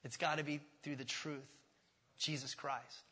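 A male pastor preaching a sermon in a church, emphatic and repetitive, swinging from quiet to loud. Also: fairly high pitch, little pitch movement, measured pace, breathy edge. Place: church sanctuary. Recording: long church reverb.

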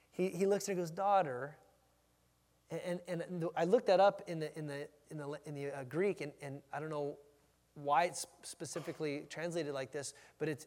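Guy preaching in a big echoey church hall, high voice, chatty and animated. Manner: animated, conversational, acts out the scene. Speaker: pastor. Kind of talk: expository sermon. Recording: long hall reverb.

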